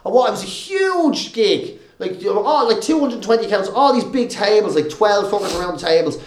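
Animated Irish man telling stories. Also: sits high, fairly quick, reverberant. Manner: swearing, animated anecdotes, laughing. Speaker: comedian and radio presenter. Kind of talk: casual podcast chat, storytelling.

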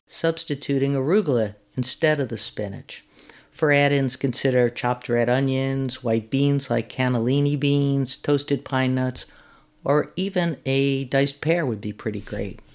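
Speaking unhurriedly in an extremely low, darkish voice, this master gardener volunteer reads a scripted cooking segment. Her manner is friendly and instructive, walking through each recipe step at an easy pace.

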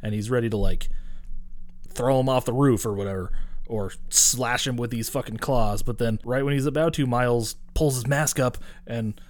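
A man's voice: mid-range voice, moderate pace, no room sound. A man co-hosting a podcast, casually recapping a movie scene by scene and swearing often. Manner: profane, animated retelling with quoted voices. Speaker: podcast co-host.

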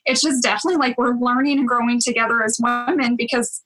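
Southern woman guest, higher voice, bright and chatty, earnest and quick to laugh. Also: fairly even intonation, poor audio. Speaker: cleaning video creator, guest. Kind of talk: casual interview chat.

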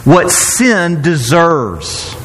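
A man preaching a sermon in an animated, playful way, often breaking off and restarting his sentences. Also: on the high side, very slow, slightly rough, long reverb tail, low-quality recording. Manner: animated, self-interrupting, playful asides. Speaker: pastor.

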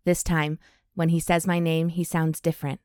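A woman's voice: low voice, flat delivery, a little mellow, dry recording, studio quality. A woman co-hosting a podcast, chatting casually and reading a steamy romance novel aloud, lingering on the hot lines. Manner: reads steamy passages slowly with breathy emphasis, laughs often. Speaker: podcast co-host.

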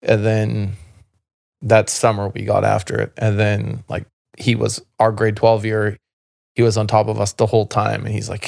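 A man from Canada with a lowish, gravelly voice rambles through a long story on a podcast. His talk is loose and full of fillers and restarts. The recording is close and dry, with no room sound. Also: monotone, normal speed, no echo. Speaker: podcast guest, former basketball player. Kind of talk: casual storytelling conversation.

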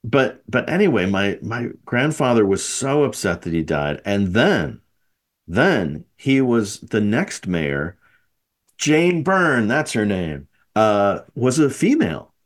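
A man's voice: fairly low pitch, sing-song, slow. A man hosting a podcast in casual chat, rambling and correcting himself with frequent chuckles. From American Midwest. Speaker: podcast host.

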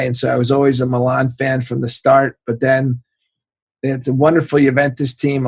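A man in his sixties, a sports executive, telling animated anecdotes in a casual interview, acting out the voices of the people he quotes and laughing often. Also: mid-range voice, creaky, husky, dry recording. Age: 60s.

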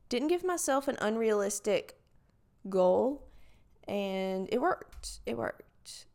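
A young woman with a raspy, nasal voice and a country accent, rambling casually as a podcast host with lots of "like". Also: mid-range voice, a little mellow. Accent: US Southern. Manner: rambling, filler-heavy with frequent "like". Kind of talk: casual solo podcast chat.

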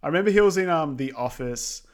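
A man's voice: on the high side, animated, quick pace. A man co-hosting a podcast, recapping a film in casual chat, rambling with lots of fillers and quoting lines. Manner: rambling, filler-heavy retelling with quoted lines. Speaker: podcast co-host.

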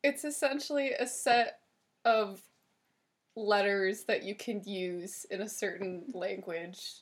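A woman's voice: medium pitch, fairly even intonation, slow pace. A young woman dropping into a podcast as a guest, explaining things in a matter-of-fact, modest way. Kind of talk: casual explanation.

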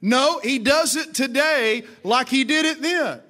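A man's voice: extremely high pitch, unhurried, bright, forceful tone. A man preaching a sermon to a live congregation, emphatic and repetitive, calling on the listeners to respond. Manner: emphatic, repeats lines, calls for congregation responses. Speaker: pastor. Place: church service with congregation.

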